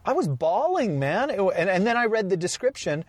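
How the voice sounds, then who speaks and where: A man's voice: high-pitched, big pitch swings, moderate pace, no room sound. A man co-hosting a podcast in casual chat, rambling through stories and laughing often. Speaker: podcast co-host.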